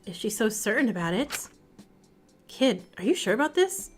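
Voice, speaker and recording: A woman streamer reacting to a story game, chatty and quick to laugh. Her voice sits high and swings widely, with faint game music running behind. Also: very animated. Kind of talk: live game read-along with commentary.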